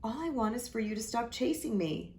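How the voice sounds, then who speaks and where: A woman voicing a big, remorseful male dragon in a picture-book reading, speaking loudly and quickly as he explains himself. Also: animated, vocal fry. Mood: earnest. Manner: loud, high and hurried when defending himself.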